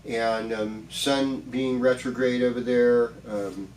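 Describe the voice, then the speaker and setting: A man's voice: mid-range voice, steady tone, slow, darkish tone, reverberant, recorded from a distance, a little hiss or hum, poor audio. A man giving a chatty, reassuring weekly horoscope talk, rambling with many restarts. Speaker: astrologer.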